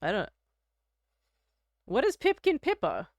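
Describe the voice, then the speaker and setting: A woman's voice: mid-range voice, huge pitch swings, a little slow, vocal fry, darkish tone, no echo, studio quality. A young woman from Canada chatting casually on a livestream, rambling with lots of fillers and little laughs. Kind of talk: casual chat.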